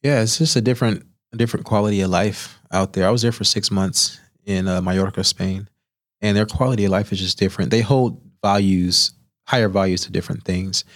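Animated male chef telling stories. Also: lowish voice, brisk. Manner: animated storyteller who acts out quoted voices. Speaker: chef guest. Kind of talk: storytelling in a podcast interview. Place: podcast studio. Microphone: studio microphone.

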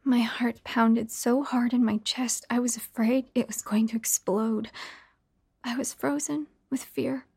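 A woman narrating a first-person horror story in a hushed, half-whispered delivery. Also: fairly high pitch, steady tone, measured pace, vocal fry, husky, no echo.

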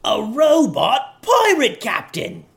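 A man putting on a sheepish pirate crewman, high and loud, folksy storybook voice. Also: big pitch swings, unhurried, vocal fry, breathy edge, exaggerated voice. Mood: excited. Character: rowdy adult male pirate, humble.

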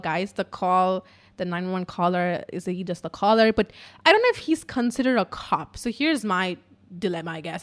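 This podcast host, a young woman, spins a story in a loose, chatty monologue, cursing often and leaning on "like" as filler. She speaks in a mid-range voice with a slightly bright quality.

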